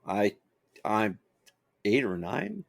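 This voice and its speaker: A man's voice: fairly low pitch, sing-song, drawn-out words, creaky. A tired man co-hosting a podcast, stammering and joking at his own expense. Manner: stammering, self-deprecating. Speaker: podcast co-host. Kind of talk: casual banter.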